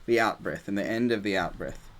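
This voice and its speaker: A man leading a group meditation discussion, talking in a relaxed, casual way with playful asides. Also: on the low side, a little fast.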